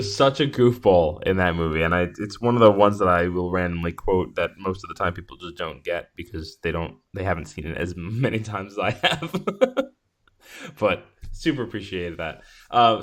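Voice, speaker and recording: Low-voiced man, eager and laughing. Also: moderate pace. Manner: enthusiastic, laughs often, restarts sentences. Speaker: podcast host. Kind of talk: casual chat.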